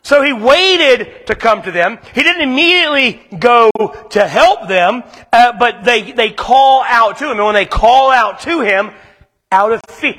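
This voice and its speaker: A man's voice: very high voice, expressive, unhurried, bright, forceful tone, in a large hall. A male pastor preaching a sermon in a casual, conversational way, acting out little asides.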